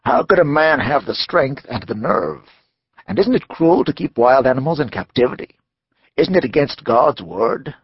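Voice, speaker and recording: A man's voice: mid-range voice, animated, moderate pace, husky, no echo, lo-fi sound, voice pushed up. A male narrator voicing an earnest, doubtful ranch hand who asks questions.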